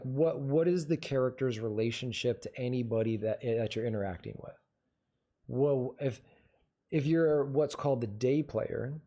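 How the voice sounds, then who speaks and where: A man's voice: mid-range voice, warm tone. A man hosting a livestream, casually giving advice and answering viewer questions in a conversational way. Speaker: livestream host.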